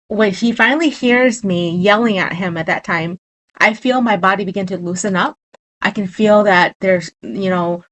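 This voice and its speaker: Low-voiced woman telling a shaman story. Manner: earnest, vivid retelling. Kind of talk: personal storytelling.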